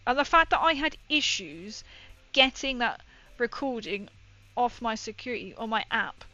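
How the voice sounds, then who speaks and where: A woman's voice: fairly high pitch, animated, normal speed, bright, forceful tone, lo-fi sound. A young woman streaming while painting miniatures, telling a rambling story in casual chat with lots of fillers. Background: faint background music.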